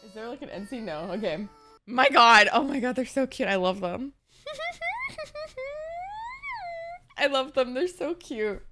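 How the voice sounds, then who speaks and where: A young woman from Egypt reacting to an anime episode, excitable and gushing and swearing freely. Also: a little high, normal speed, over music. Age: young adult. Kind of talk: casual reaction commentary.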